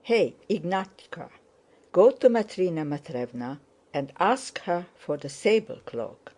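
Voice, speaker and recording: A commanding young officer who gives orders briskly and schemes boldly, read by a woman. The voice sits low and mellow, and it moves at an unhurried pace. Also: very animated.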